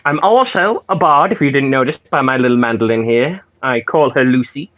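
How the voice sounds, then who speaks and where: A man's voice: mid-range voice, fairly quick, lightly acted. A man voicing a pompous male dwarf bard with a haughty, self-important manner, on dull lo-fi audio.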